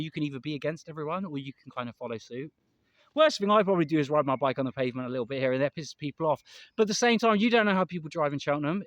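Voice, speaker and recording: A man's voice: mid-range voice, no echo. An English man vlogging outdoors in a park, rambling and emphatic, repeating himself and swearing now and then. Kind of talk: candid vlog monologue.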